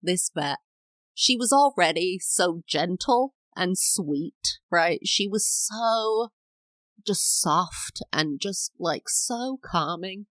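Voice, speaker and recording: A woman's voice: on the low side, lively intonation, slow pace, fairly bright tone, no room sound. A woman in her thirties, a podcast host telling a personal story in a chatty, rambling way, full of fillers and acted-out quotes. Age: 30s.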